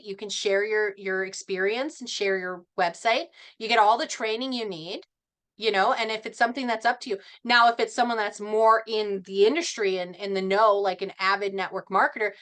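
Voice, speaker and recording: A middle-aged woman speaking at a team meeting, animated and passionate, laughing often as she talks. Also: mid-range voice. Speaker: network marketing team member.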